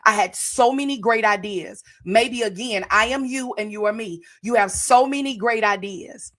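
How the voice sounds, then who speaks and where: A woman in her forties speaks straight to her viewers with fervent, preacher-like conviction. Her voice sits a little high, and she circles back to key phrases again and again for emphasis. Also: normal speed, fairly bright tone. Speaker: podcast host. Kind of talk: motivational testimony to live viewers.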